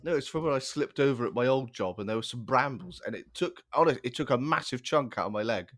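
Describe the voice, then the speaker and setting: A man's voice: medium pitch, expressive, fast, a bit bright. A man co-hosting a podcast in casual chat, giggling often as he talks. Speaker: podcast co-host.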